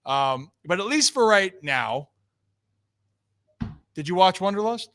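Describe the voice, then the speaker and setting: A man's voice: sits high, takes it slowly. A man hosting a casual talk show, joking with his co-hosts and reading an ad. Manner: loose, joking, animated. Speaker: show host. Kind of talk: casual chat and ad read.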